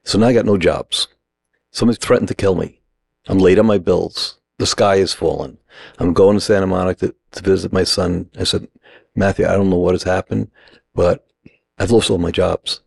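A middle-aged man with a very low, gravelly voice tells a long story on a podcast. He plays out the lines of the people in it, and his voice is close and dry. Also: moderate pace, dry recording. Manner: animated anecdote, acts out quoted voices. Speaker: acting teacher.

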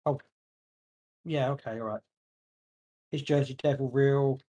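A man's voice: mid-range voice, fairly even intonation, measured pace, dark tone, highs cut off. A man co-hosting a podcast in casual chat, rambling and joking, tripping over names. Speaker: podcast co-host.

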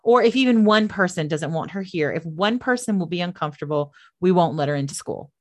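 A woman's voice: on the low side, animated, a little fast. A woman co-hosting a podcast, telling a history story in a playful, teasing way with frequent laughs. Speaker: podcast co-host. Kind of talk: casual chat, storytelling.

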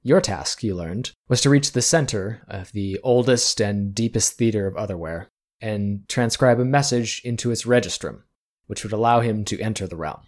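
Man narrating a tabletop game. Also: fairly low pitch. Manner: measured storytelling narration. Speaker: game master.

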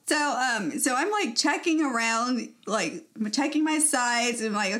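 A woman's voice: on the high side, sing-song, moderate pace, few pauses, a bit bright. A young woman co-hosting a podcast, telling a story in casual chat with lots of laughs and fillers. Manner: chatty, laughs often, many fillers. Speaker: podcast co-host.

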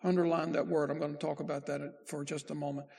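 A male pastor preaching a sermon, slow and deliberate, with his voice swelling and dropping in volume. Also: a little high, flat delivery, vocal fry, darkish tone, breathy edge.

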